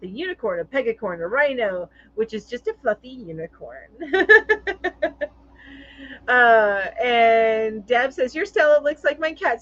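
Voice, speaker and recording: A woman's voice: fairly high pitch, dry recording. Woman, live-stream host, casual chat, reads comments aloud, lots of ums, muffled lo-fi audio. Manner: chatty, reads viewer comments aloud with frequent fillers.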